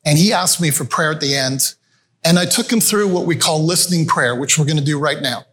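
A man's voice: a little high, brisk, a bit bright. A male pastor preaching a sermon in a conversational storytelling way, calling his listeners friends. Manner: conversational, addresses the audience as friends. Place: church meeting room with a screen.

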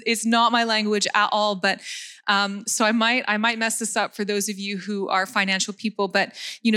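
A woman's voice: mid-range voice, level tone, brisk, clean tone. A woman in her thirties from Canada preaching a casual sermon, chatty, laughing at herself, and repeating key words for emphasis. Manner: warm chatty delivery with frequent fillers and self-deprecating laughs.

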